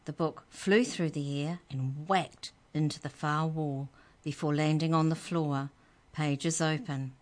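A woman reading a children's story aloud with slow, expressive narration. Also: sits low.

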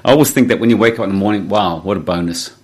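A man's voice: lowish voice, very fast. A man with a New Zealand accent hosting a community radio show in the studio, bantering in an easygoing, jokey way. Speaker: radio host. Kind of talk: casual radio chat.

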